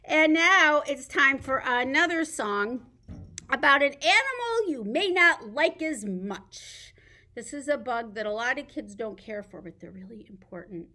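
High bright sing-song woman librarian. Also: lively intonation, measured pace. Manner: sing-song, playful, speaks to babies and parents. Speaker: children's librarian. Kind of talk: baby storytime with songs and read-aloud. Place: library storytime room.

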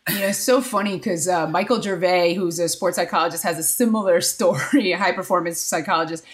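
A woman hosting a podcast, asking questions in a relaxed, chatty way. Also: lowish voice, fairly quick. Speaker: podcast host. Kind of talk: conversational interview.

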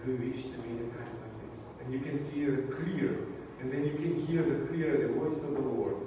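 A man preaching a sermon in a church, speaking slowly and deliberately, often dropping his voice low for emphasis. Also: noisy background. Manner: slow, measured delivery with dramatic drops in volume. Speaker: pastor. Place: church sanctuary. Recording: echoey church hall, from far off.

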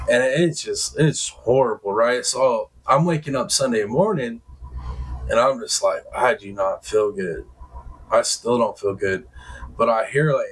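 A young man hosting his own channel, telling a personal story in a casual, profane, animated way that turns loud and high when heated. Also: rough recording. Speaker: true crime channel host.

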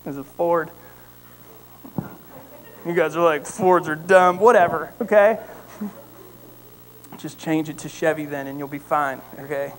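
A man preaching a sermon as pastor, telling a story with lively emphasis and then praying quietly. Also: fairly high pitch, a little slow, pauses often, a little hiss or hum, rough recording. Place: church sanctuary.

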